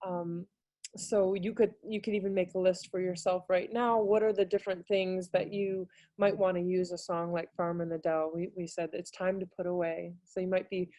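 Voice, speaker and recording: Woman presenter, mellow dry voice, casual and hesitant, on a video call. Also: level tone, moderate pace, no room sound. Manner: casual and hesitant, many fillers, bursts into high singing demonstrations. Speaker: music teaching artist presenter. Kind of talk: webinar talk.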